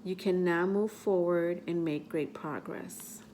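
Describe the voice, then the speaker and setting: Female tarot reader, unhurried and low, rambling and conversational as she reads cards aloud. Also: steady tone, dark tone, slight background noise. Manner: chatty, many fillers and restarts, reads card texts aloud haltingly. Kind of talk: casual tarot reading vlog.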